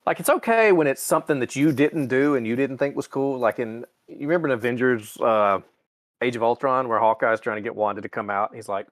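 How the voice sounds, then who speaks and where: Man, podcast co-host, casual rant, profane, animated, jokey voices. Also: medium pitch, fairly quick. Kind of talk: casual chat.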